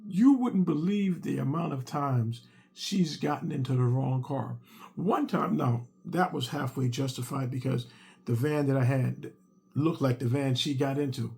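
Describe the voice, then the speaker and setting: Brief: gravelly male storyteller, mid-pitched, animated and repetitive. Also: measured pace. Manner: animated, repetitive, punchy asides. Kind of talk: casual comic storytelling.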